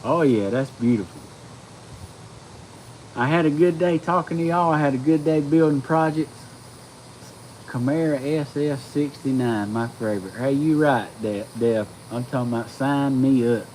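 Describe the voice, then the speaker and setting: A man, chatting casually with viewers on a live stream, folksy and excitable. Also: medium pitch, moderate pace, slight background noise, low-quality recording. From Georgia, US. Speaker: livestream host.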